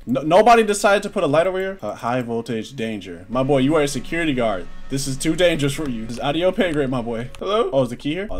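A man doing profane, jokey let's-play commentary on a horror game, jumping into sudden screams. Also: mid-range voice. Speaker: gaming YouTuber.

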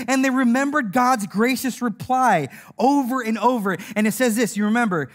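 A man preaching a sermon in an animated, joking way, laughing as he tells the stories and acting out the voices he quotes. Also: extremely high pitch, fairly quick, hardly any pauses.

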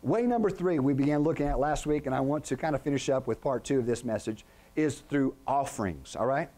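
A middle-aged man pastor preaching a sermon in a tent, often pausing to let the congregation finish his lines. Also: medium pitch, lively intonation, warm tone. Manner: call-and-response questions to the congregation.

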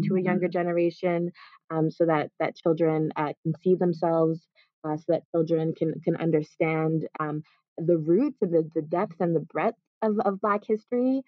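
A woman's voice: sits low, no echo. Young female guest on a dull, dry call. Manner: thoughtful, many "um"s and repeated words. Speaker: author and guest. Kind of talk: video-call interview.

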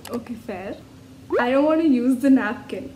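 A woman co-hosting a reaction video, making wry, deadpan remarks about the entries. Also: a little high, moderate pace, roomy sound, slight background noise. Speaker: co-host reacting to submissions. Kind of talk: casual reaction commentary.

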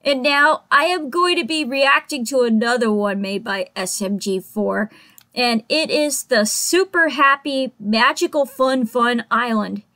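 A woman's voice: a little high, measured pace, sharp tone, dry recording. A woman in her thirties hosting a casual video reaction, giggly and chatty, reading cartoon lines aloud. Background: music from the video.

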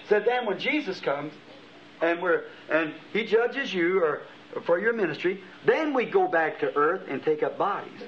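A man's voice: sits high, animated, normal speed. A middle-aged man preaching a sermon, telling a vision as a story with impassioned rising exclamations. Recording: dull lo-fi archival tape.

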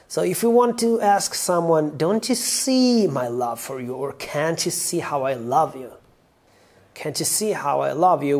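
A man's voice: on the high side, gravelly, darkish tone. A man with an Italian accent, a native Italian speaker, explaining song lyrics to learners carefully and step by step. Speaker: language teacher.

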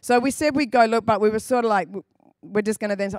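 A woman's voice: fairly high pitch, a little fast, a little mellow, no room sound. A woman pastor from England preaching a sermon in a conversational, storytelling way, acting out quoted voices. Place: church.

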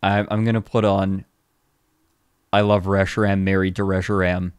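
A man's voice: sits low, little pitch movement, normal speed, clean tone. Laughing man chatting on a stream. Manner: laughs often, exclaims loudly, reads chat aloud. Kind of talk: casual stream chat.

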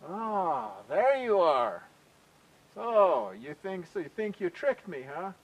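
A man's voice: on the high side, lively intonation, normal speed, recorded from a distance, lo-fi sound. A man doing a huffy, hot-tempered skunk chief. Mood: angry. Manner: indignant, huffing, challenging.

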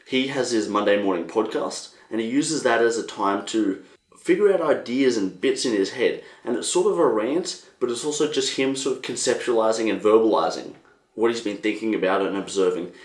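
A man's voice: lowish voice, fairly quick. Rambling young Australian man in an echoey room. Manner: rambling, animated, swears casually. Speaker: podcast host. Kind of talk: casual solo monologue.

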